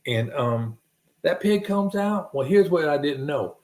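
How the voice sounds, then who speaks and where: A man from the United States telling rambling, animated stories in a folksy way, chuckling at his own tales. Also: a little high, a little slow. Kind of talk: casual rambling anecdote. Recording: roomy echo.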